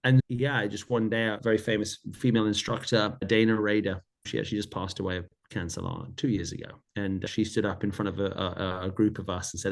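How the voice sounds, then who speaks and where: A man's voice: on the low side, little pitch movement, fairly quick, creaky, few pauses. A man, a golf coach and podcast guest, telling his personal story with earnest reflection and acting out remembered conversations.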